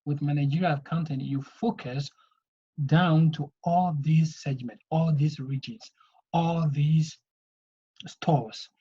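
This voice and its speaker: A man's voice: a little high, fairly even intonation, takes it slowly, warm tone, a little hiss or hum. A man teaching an accounting lesson, explaining step by step and often checking in with "okay?". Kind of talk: video lesson lecture. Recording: dull lo-fi recording.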